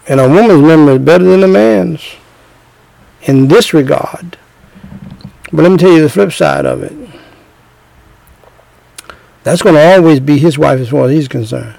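A man's voice: a little high, expressive, moderate pace, creaky, long pauses, darkish tone, no room sound, poor audio. A middle-aged man giving emphatic, preachy relationship advice, repeating his points and acting out little scenes. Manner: emphatic, repetitive, acts out scenes.

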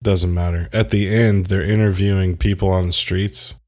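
A man's voice: low voice, moderate pace. A man co-hosting a podcast in casual chat, telling stories with energy, laughing often and imitating voices. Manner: animated storyteller, mimics voices, laughs often. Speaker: podcast co-host.

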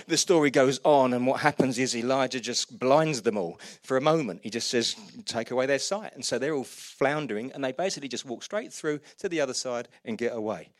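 A man preaching a sermon, retelling Bible stories with humour and animated quoted voices. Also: mid-range voice, no room sound, studio quality. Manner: lively storytelling, voices quotes, laughs at own jokes.

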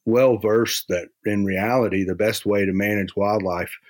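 Professor guy on a podcast, kinda low voice, lots of uhs. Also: steady tone, measured pace. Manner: conversational, hesitant, with many fillers. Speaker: professor and guest. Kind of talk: podcast interview.

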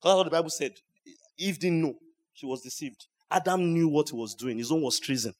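A pastor preaching at a church service, his voice sitting fairly high for a man. He swings from quiet, dropped asides to loud, ringing shouts. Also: a little fast. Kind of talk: sermon.

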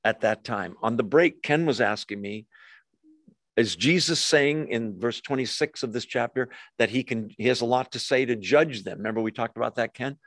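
Male pastor, mid-pitched voice, chatty verse-by-verse sermon teaching, dry close recording. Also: moderate pace, a bit bright, no room sound. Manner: conversational Bible teaching with rhetorical questions and asides.

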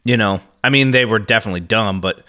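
A man's voice: on the low side, fast, pushed and bright. A man from the Midwest co-hosting a podcast, chatting casually and ranting with heavy profanity and frequent laughter. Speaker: podcast co-host.

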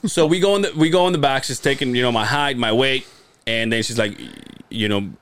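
A man's voice: mid-range voice, a little fast, a bit bright, clean tone. A man co-hosting a podcast, telling a long, crude story in a rambling way and laughing often. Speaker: podcast co-host. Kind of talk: casual storytelling chat.

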